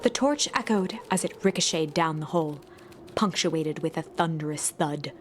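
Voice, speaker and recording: A woman narrating a video game in a soft, even storytelling voice, sometimes dropping to a whisper. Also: sits low, moderate pace, a little hiss or hum, lightly acted.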